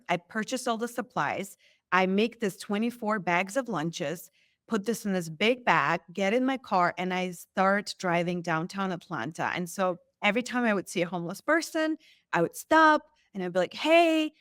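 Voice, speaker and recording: Animated woman telling her story. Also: medium pitch, moderate pace, no echo, studio quality. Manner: animated, acts out quoted lines. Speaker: podcast guest. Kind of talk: storytelling in an interview.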